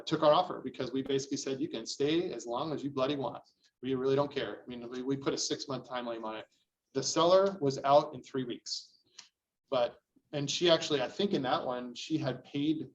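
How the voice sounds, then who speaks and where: A middle-aged man giving a real estate training lecture, acting out excited and panicked clients in raised voices. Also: medium pitch. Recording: distant, slightly dull mic sound.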